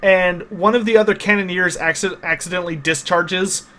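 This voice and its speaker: A man's voice: high voice, fairly even intonation, moderate pace, fairly bright tone. A man narrating a tabletop game as game master, explaining the rules patiently with many small hesitations.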